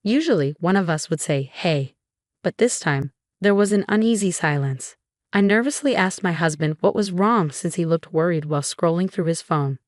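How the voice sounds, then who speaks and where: A woman giving steady, scripted first-person narration of a family drama story. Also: fairly low pitch, normal speed, dry recording, studio quality.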